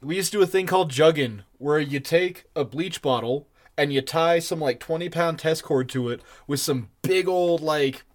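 Excitable rambling podcast man. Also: a little high, normal speed, few pauses. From Colorado. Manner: excitable, rambling, laughs often. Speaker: podcast co-host. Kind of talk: casual chat.

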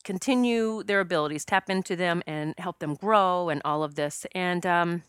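A woman recounting a personal story as a past life regression specialist, speaking earnestly with frequent fillers and restarts. Her voice sits a little low and sounds smooth and resonant. The recording is dry and close, and she is at times choked up. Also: moderate pace, no echo.

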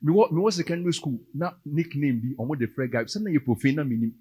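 Man, Ghanaian accent, pastor's sermon, slightly raised pitch, husky tone, long hall echo. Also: fast talker. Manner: switches between English and Twi, rising to shouts.

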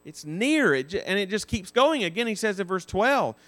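A man's voice: high-pitched, very animated, moderate pace, fairly bright tone. A man teaching a Sunday school class, explaining Bible verses with frequent restarts and self-corrections.

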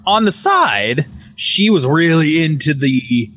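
A young man, his voice sitting somewhat high for a man, tells a ghost story in a loose podcast conversation. He swears freely, trips over words and starts again, and lifts his voice sharply whenever he quotes what he said back then. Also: slow, slight background noise. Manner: animated, swearing, restarts and quotes himself in a raised voice. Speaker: podcast guest telling ghost stories. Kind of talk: casual storytelling chat.

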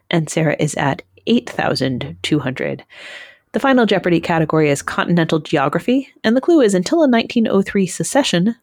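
A woman with a notably low voice chats through a quiz show recap, with plenty of fillers and restarts. The sound is dry and close, with no room in it. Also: a little mellow, dry recording. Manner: chatty, with frequent fillers and self-corrections. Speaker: podcast co-host.

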